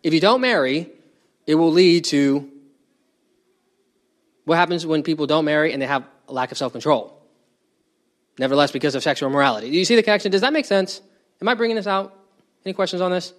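A man's voice: a little high, lively intonation, a little fast, long pauses. A man leading a bible study, explaining a passage in a conversational way and putting questions to his group. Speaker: bible teacher.

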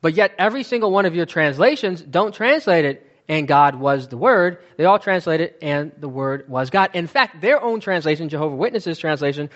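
A man's voice: fairly high pitch, animated, normal speed, hardly any pauses, fairly bright tone, lo-fi sound. Emphatic man teaching from the Bible. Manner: emphatic, conversational explaining.

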